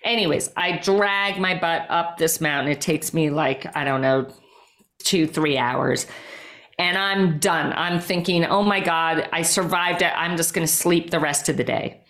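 Animated middle-aged woman, lower voice. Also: measured pace. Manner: emphatic, lots of "like" and quoted self-talk. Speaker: guest, former triathlete and life coach. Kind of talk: animated personal storytelling.

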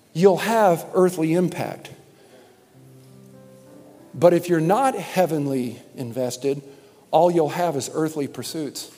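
A man preaching a sermon as pastor, impassioned, swinging from shouts down to quiet, probing questions. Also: high voice. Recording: music and long hall reverb.

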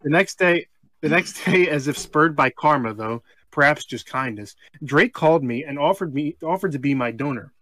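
A man's voice: a little high, normal speed, no room sound. Man reading a story with laughing asides. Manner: laughs mid-sentence, trails off into deadpan asides. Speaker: podcast co-host.

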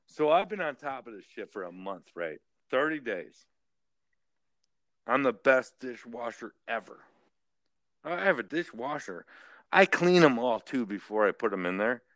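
Animated, foul-mouthed man ranting. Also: mid-range voice, unhurried, no room sound. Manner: animated, swears constantly, repeats "right?". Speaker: caller. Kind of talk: casual profane rant.

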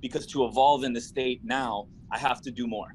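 A man's voice: medium pitch, fairly even intonation, fast talker, darkish tone, slight background noise, low-quality recording. A man speaking as a guest in a casual conversation, blunt and emphatic, swearing casually.

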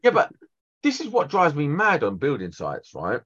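On a trade podcast recorded in dull lo-fi audio, an electrician guest in his 40s chats casually, telling blunt stories full of swearing. His pitch is fairly high and swoops wildly, his tone fairly bright, his pace moderate.

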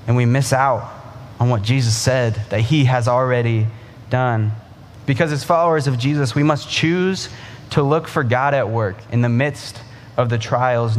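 A man preaching a sermon, earnest, slowing down to stress key phrases. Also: mid-range voice, long reverb tail, a little hiss or hum.

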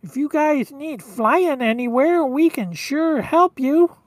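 A woman's voice: high-pitched, slow, dry recording, voice pushed up. A woman voicing a young male reindeer with a whiny, nasal voice in a tabletop game. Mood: eager.

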